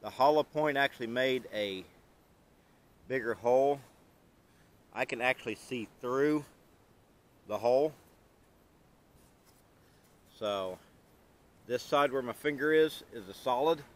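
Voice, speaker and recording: A man hosting a casual firearms demo vlog, talking plainly and unhurriedly, with the hiccups, recorded outdoors. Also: mid-range voice. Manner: plain, unhurried show-and-tell. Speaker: channel host.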